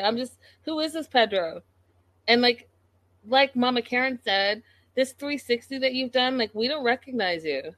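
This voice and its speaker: A woman's voice: on the high side, lively intonation, normal speed, a bit bright, dry recording. A woman giving a casual commentary recap of a reality show in an exasperated, incredulous way, talking straight to the people on the show.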